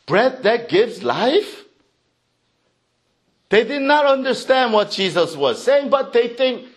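A man's voice: very high voice, sing-song, slow pace, pauses often. A man preaching a sermon, telling a scripture story dramatically and reading verses aloud.

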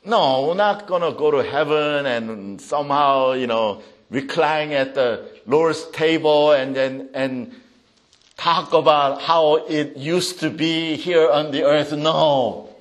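A man preaching a sermon as a pastor, reading scripture aloud with emphasis and swinging between loud proclamation and soft asides. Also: on the high side, takes it slowly.

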